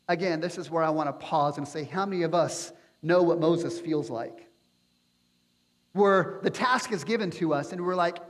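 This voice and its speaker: A man preaching a sermon as pastor, animated and acting out quotes with playful asides. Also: on the high side, moderate pace. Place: church sanctuary. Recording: long church reverb.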